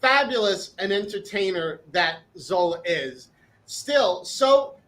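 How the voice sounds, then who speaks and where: A man's voice: high voice, lively intonation, takes it slowly, a bit bright, rough recording. A man co-hosting a chat show over a video call, telling a story in a rambling way with many fillers. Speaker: co-host. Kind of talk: casual chat.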